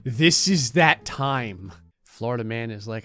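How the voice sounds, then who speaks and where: A man giving sarcastic, comedic commentary over a life-sim game, often jumping into silly high voices. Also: expressive, measured pace, over music. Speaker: gaming channel host.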